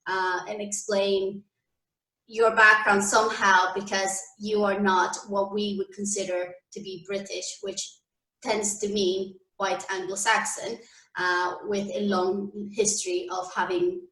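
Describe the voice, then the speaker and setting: A woman's voice: mid-range voice, fairly even intonation, unhurried, bright, forceful tone, far from the mic. A young woman from Canada, speaking as a guest in an interview, thoughtful and hesitant, with fillers and restarts. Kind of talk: conversational interview. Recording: echoey room, a bit off-mic.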